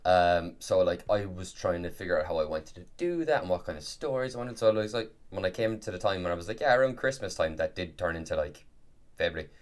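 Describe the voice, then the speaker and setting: A man with a very low voice talks casually on a podcast. He rambles and keeps restarting his sentences. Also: lively intonation, fast talker. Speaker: podcast co-host and game master. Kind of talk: casual chat.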